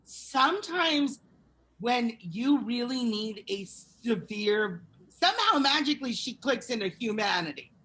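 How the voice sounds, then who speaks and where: Woman co-host, animated casual chat. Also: on the high side, measured pace. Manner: animated, asks co-hosts questions. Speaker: podcast co-host.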